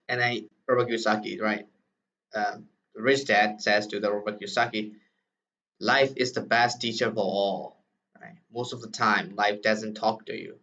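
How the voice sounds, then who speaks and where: A man's voice: lowish voice, fairly even intonation, measured pace, pauses often, pushed and bright. A man with a Burmese accent, native Burmese speaker, teaching a lesson in English, explaining step by step and tagging sentences with "right?". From Myanmar. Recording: distant, dull lo-fi recording.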